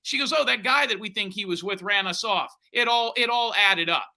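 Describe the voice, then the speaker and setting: A man's voice: high-pitched, brisk, sharp tone. A man working as a private investigator, telling his story bluntly in an interview and acting out the dialogue he quotes.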